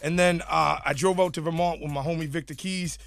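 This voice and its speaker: A man's voice: on the high side, steady tone, fairly quick, vocal fry, a bit bright. A man in his forties with a Boston accent, a guest rapper who is tired from little sleep and chats in an interview, swearing a lot and restarting his sentences. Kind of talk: casual interview chat.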